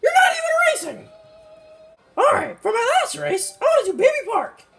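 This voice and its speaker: A man voicing a hyper, boastful little male mushroom kart racer with a squeaky voice and a slight southern twang, excitable and yelping at every mishap during game commentary. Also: moderate pace, vocal fry, soft background music, heavily acted. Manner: excitable, yelps and complains at mishaps. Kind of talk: let's-play game commentary in character.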